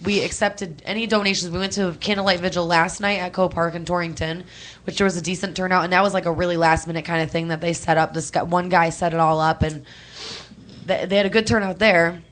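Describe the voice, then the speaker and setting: A young woman, chatting on a call-in show, animated and quick to laugh, emotional and close to tears at times. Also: fairly low pitch. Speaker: co-host. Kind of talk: casual radio chat.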